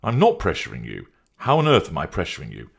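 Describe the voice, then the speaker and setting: A man's voice: low-pitched, huge pitch swings, fast talker, creaky, slightly rough, heavily acted. A man voicing an anxious, pleading man who is desperate to hold on to his partner, in an audiobook reading. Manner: pleading, defensive.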